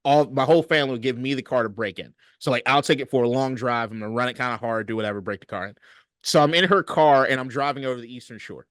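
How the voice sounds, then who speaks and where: A man co-hosting a casual sports podcast, telling stories in a profane, animated way. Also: medium pitch, fast, no echo, studio quality. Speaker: podcast co-host.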